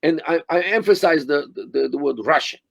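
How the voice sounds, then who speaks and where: An older man talks as an interview guest over a video call. He speaks in a fairly high voice, stressing words deliberately and often restarting his phrases. The sound is close and dry, with no room echo. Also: gravelly. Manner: deliberate, emphatic, many restarts and fillers. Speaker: interview guest, Middle East scholar.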